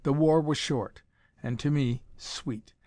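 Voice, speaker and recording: A man's voice: fairly high pitch, slow, dark tone, no echo. A man voicing a cruel, mad old emperor who gloats and threatens, in a dry recording. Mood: gloating. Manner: gloating, menacing.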